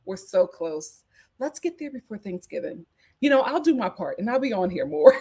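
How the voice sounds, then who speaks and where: A woman hosting a live reality TV recap, chatting in an animated, gossipy way. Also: medium pitch, a little slow, slightly rough. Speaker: host.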